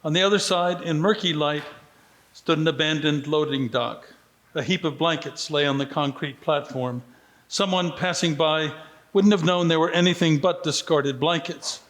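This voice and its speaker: Author reading at a literary event, male, slightly raised pitch, steady measured delivery. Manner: measured reading, brief lively voicing of quoted lines. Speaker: author reading from his book. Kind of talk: book reading at a festival. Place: festival venue.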